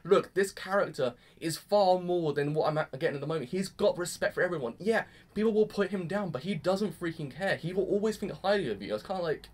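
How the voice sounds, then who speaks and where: A young man rattles off an excitable, gushing anime review at a rapid clip. His voice sits a bit high for a man, and his casual, enthusiastic talk is full of "freaking".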